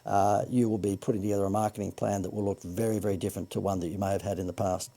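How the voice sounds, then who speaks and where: Gravelly, dark-voiced Australian man pitching. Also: level tone, very fast. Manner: chatty, joking asides, frequent "uh" and self-corrections. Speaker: marketing coach hosting a livestream. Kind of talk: Facebook Live sales pitch.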